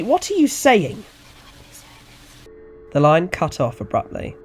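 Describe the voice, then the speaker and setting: A man narrating a scripted audio story in a steady, measured reading voice. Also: mid-range voice, background noise.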